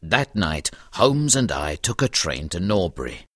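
Narrator companion read by a man, very deep and lively, dry audiobook. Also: unhurried, no echo, full character voice. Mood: narrating. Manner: expressive storytelling narration. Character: detective's companion narrating the story.

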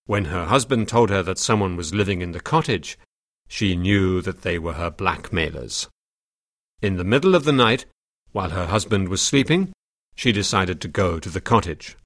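An actor playing a detective who calmly lays out his theory of a case in an audiobook drama. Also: sits low, no echo, studio quality, heavily acted. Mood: explaining. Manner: measured, explanatory. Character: calm, reasoning detective explaining a theory.

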